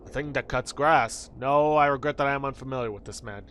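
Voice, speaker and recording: A man's voice: mid-range voice, brisk, a bit bright, slight background noise, natural voice. A man putting on a lofty, cosmic male entity that calls itself the end of time, grandiose and formal in every line. It speaks with solemn, theatrical gravity in a quirky game. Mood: pompous.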